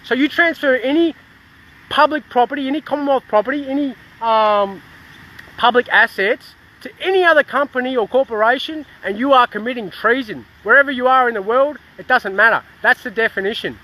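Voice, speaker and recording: A man's voice: extremely high pitch, brisk, pushed and bright. An Australian man in a casual activist rant, heated and swearing, with many restarts, recorded outdoors in a town.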